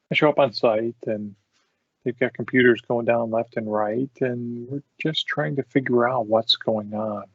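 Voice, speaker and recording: A man's voice: medium pitch, no echo. A man hosting a podcast, telling work stories casually and often breaking into laughter. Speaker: podcast host. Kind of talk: casual storytelling. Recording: dull dry lo-fi sound.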